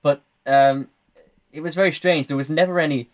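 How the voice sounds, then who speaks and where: A man's voice: fairly high pitch, steady tone, moderate pace. A man in casual podcast conversation, reflective, explaining his views at length and often repeating words as he thinks.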